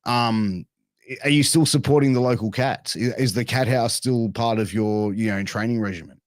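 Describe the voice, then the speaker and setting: A man hosting a podcast, asking questions in an excitable, laid-back way with plenty of swearing. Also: mid-range voice, moderate pace, no room sound, studio quality. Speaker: podcast host. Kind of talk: casual podcast interview.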